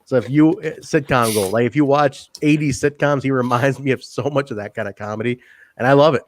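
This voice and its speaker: A man co-hosting a casual wrestling review podcast, animated and joking, often laughing and swearing. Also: mid-range voice, a little fast, a little hiss or hum. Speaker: podcast co-host.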